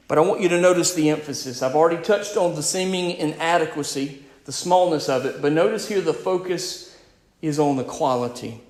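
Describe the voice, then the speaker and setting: A male pastor preaching a sermon. He is emphatic, swings between loud and quiet, and speaks directly to his congregation. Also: a little high, reverberant.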